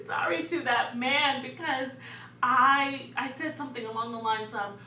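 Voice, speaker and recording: A young woman telling a story in a casual, animated way, laughing often and dramatizing events. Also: high voice, unhurried. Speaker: vlogger. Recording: echoey room, distant mic, faint hum.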